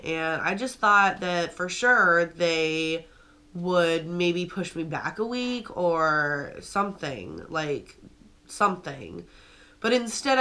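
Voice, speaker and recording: A woman's voice: fairly low pitch, bright, forceful tone. A young woman vlogging to camera, telling a story with many fillers and restarts while venting that she is upset.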